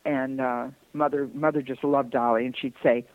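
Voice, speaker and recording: A man's voice: mid-range voice, level tone, moderate pace, no room sound. Older man telling stories over a tinny line. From Detroit. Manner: rambling anecdotal storyteller, bursts of laughter. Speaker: guest. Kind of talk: podcast conversation, storytelling.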